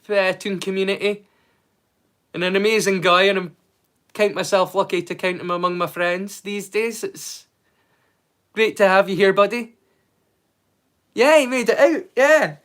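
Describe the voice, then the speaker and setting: A man's voice: high-pitched, fairly even intonation, moderate pace, long pauses, clean tone. A man hosting a casual livestream watch-along, chatting, joking and swearing freely with his viewers. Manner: greets viewers loudly and brightly. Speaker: livestream host.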